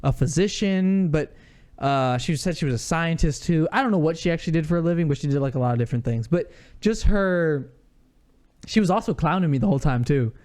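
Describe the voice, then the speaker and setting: A man co-hosting a podcast, telling a story in casual chat, animated and laughing often. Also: on the high side, brisk. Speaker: podcast co-host.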